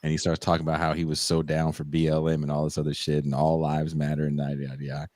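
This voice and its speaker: A man's voice: extremely low pitch, fast talker, dry recording. A man co-hosting a casual political podcast, retelling a comedy sketch with lots of swearing. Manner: animated storytelling, swears often. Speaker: podcast co-host.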